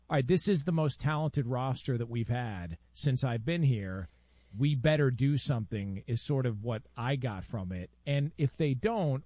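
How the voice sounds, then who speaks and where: A man co-hosting a casual sports talk show, posing probing questions and thinking out loud. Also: medium pitch, no echo.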